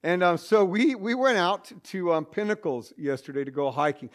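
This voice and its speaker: High-voiced man telling a funny story. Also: a little fast, few pauses. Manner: self-mocking, animated, joking asides. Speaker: speaker telling a story to an audience. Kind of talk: humorous personal storytelling to a live audience.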